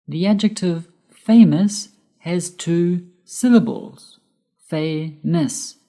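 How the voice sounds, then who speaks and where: A woman with a low, mellow voice reads out a grammar lesson at an unhurried pace. Her first language is Spanish, and she spells out letters one by one and leans on the key words. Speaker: English teacher. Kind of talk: slow scripted grammar lesson.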